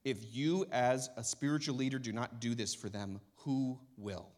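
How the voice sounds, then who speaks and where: An emphatic man giving a teaching talk to church leaders. His voice sits at an ordinary pitch and keeps building toward urgent intensity. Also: normal speed, darkish tone.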